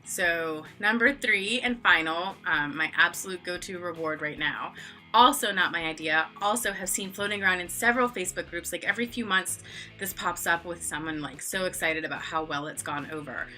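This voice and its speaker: A woman's voice: normal speed, pushed and bright, soft background music. A woman in her thirties, an online English teacher, chatting casually on camera in a filler-heavy way and acting out classroom moments. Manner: chatty, filler-heavy, acts out classroom exchanges in high playful voices. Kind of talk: casual vlog explanation.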